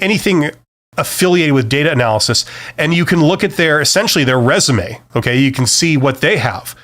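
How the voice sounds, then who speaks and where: A man's voice: mid-range voice, a bit bright. Middle-aged man giving casual career advice. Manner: loose and conversational, many fillers and restarts. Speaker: career advice host answering viewer questions. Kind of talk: casual live-stream Q&A.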